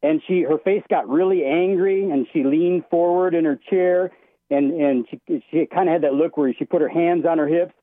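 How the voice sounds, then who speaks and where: A man's voice: on the high side, moderate pace, no room sound. A man calling in to a talk show, telling a long story in a rambling way with many restarts. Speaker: caller. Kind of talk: casual phone-in storytelling. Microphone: phone. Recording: tinny phone line.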